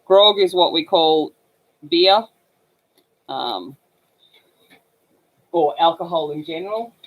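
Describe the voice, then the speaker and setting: A woman's voice: on the low side, lively intonation, slow pace, lo-fi sound. A woman with an Australian accent, hosting a casual livestream and chatting to viewers about slang while she colors. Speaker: livestream host.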